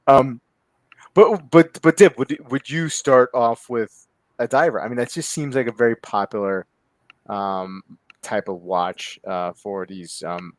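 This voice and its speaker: A man hosting a casual group talk about watches, chatty and full of questions and quick restarts. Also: mid-range voice, no room sound. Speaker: podcast host.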